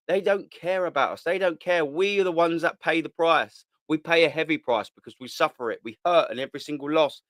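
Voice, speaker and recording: A man's voice: on the high side, fairly bright tone, no room sound, clean studio sound. A young man, hosting a live fan stream and ranting with heat and a lot of swearing. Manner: heated, ranting, repetitive, swears. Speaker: host of a live fan channel. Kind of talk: live-stream rant reading the chat.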